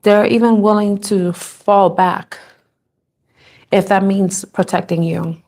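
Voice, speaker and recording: A woman's voice: mid-range voice, fairly even intonation, slow, darkish tone. A woman giving a live tarot reading to camera, talking in a tender, rambling way and growing emotional as she reads. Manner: tender, rambling, moved to tears at times. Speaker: tarot reader.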